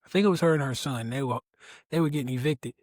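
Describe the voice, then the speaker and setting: Brief: male podcast guest, animated and laughing storyteller, dry close sound. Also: quick pace, dry recording. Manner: animated storyteller who laughs often and jumps to high pitch. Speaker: podcast guest, resilience speaker. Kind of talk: casual interview chat.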